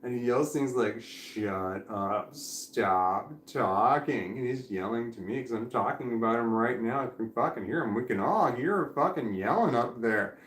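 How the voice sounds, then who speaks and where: A drowsy man talks candidly on a live stream from his home, drifting from thought to thought. He swears freely and laughs between his ideas, his voice sitting at an ordinary middle pitch. The room around him adds a noticeable echo. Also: brisk, few pauses. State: drowsy and foggy. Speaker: vlogger. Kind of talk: rambling live stream monologue. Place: indoors at home.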